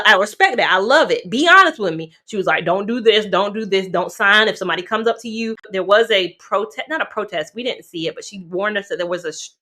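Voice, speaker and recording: A woman from North Carolina chatting casually to camera as a travel vlogger, animated and talking straight to her viewers. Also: mid-range voice. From North Carolina, USA.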